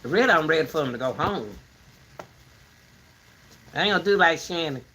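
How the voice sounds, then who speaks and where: A woman hosting a casual rambling chat, animated and talkative, turning between her dogs and her viewers. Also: low-pitched, moderate pace, a little hiss or hum. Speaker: commentary channel host.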